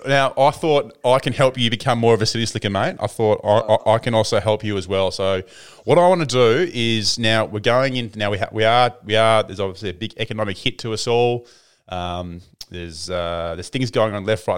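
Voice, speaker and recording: Man, podcast host, low smooth voice, rambling with fillers. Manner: chatty, repeats words, many fillers. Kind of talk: casual podcast chat.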